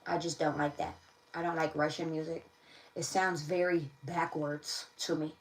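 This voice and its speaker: On a livestream, a female tarot reader chats casually, frequently laughing and repeating what she says. Her voice sits low at a normal speed with long pauses, picked up a bit distant from the mic.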